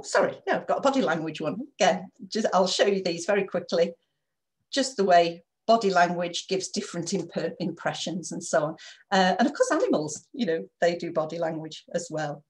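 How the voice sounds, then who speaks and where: A woman leading a live online training session, lively and encouraging, who keeps checking in with her listeners. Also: lowish voice. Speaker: corporate trainer.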